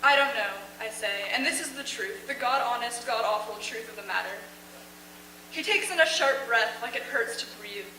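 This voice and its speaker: A woman's voice: on the high side, normal speed, pushed and bright, distant mic. A young woman student earnestly reading her own emotional first-person story aloud on a theater stage. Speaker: student reader at a showcase. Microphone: far camera in audience. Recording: echoey theater taped from afar, faint hum.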